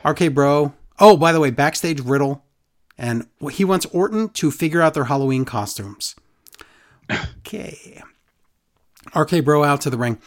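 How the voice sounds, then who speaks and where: A podcast host recapping a wrestling show in casual chat, sarcastic and animated, acting out quotes in other voices. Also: mid-range voice, normal speed, pauses often.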